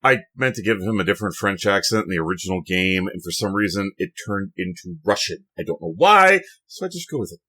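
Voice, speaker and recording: A man's voice: low-pitched, lively intonation, brisk, hardly any pauses, sharp tone, husky. A man hosting a let's play, reading a visual novel with playful, wry asides.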